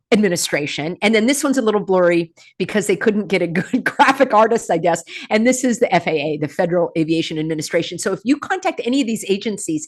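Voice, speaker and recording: A middle-aged woman hosting a casual commentary for her viewers, animated and sarcastic, often breaking into laughter. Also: mid-range voice. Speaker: host.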